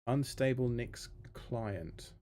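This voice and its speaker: A man's voice: medium pitch, takes it slowly, darkish tone. A man hosting a live stream, chatting casually with his viewers while muttering through a technical problem. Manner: muttering to himself while troubleshooting, talking to the chat. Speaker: livestream host. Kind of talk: casual live-stream chat, thinking aloud.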